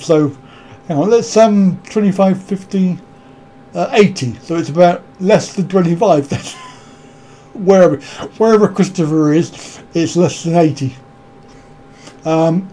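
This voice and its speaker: A man's voice: sits high, dark tone. A man hosting a casual live stream, rambling and joking as he greets viewers by name and answers their comments.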